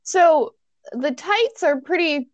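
Animated woman telling a story, lively pitch. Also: slow, muffled recording. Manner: animated, acts out quotes in high squeaky voices; self-mocking, laughs while telling. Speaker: storyteller in a podcast chat. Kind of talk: casual storytelling chat.

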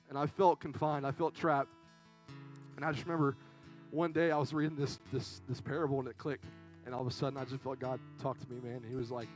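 A man's voice: on the high side, steady tone, fast talker, poor audio. Earnest young preacher man, guitar behind. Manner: earnest, emotional, conversational with fillers. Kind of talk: sermon. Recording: dry sound with faint guitar behind. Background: faint guitar music.

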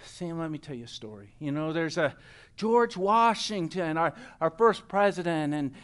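A man's voice: on the high side, lively intonation, normal speed, fairly bright tone, clear, resonant tone, voice pushed down. A preacher putting on a stern, suspicious father. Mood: lecturing.

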